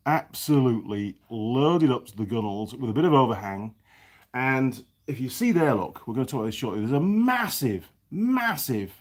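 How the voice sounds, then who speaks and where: A husky-voiced man hosts a casual live stream, chatting away and welcoming viewers by name. His pitch swings up and down all the time, jumping high as he greets people. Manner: chatty, reads viewer names aloud with lively greetings. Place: home workshop in New Zealand.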